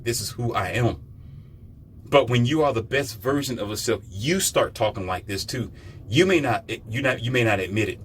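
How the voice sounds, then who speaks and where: Emphatic low-voiced man preaching to listeners. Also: a bit bright, slight background noise. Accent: American. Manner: preachy and emphatic, repeats phrases, addresses listeners directly. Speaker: podcast host. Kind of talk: motivational monologue.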